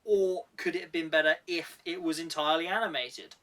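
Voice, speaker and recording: A man's voice: on the high side, steady tone, brisk, bright, forceful tone. A man co-hosting a casual movie review in a playful, joking way. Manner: playful, fond of silly voices. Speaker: co-host. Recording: distant mic.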